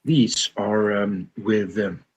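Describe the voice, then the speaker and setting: A man's voice: on the low side, fairly even intonation, slow, highs cut off, a little hiss or hum. A man chatting as a guest on a video call, hesitant and full of ums. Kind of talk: casual chat.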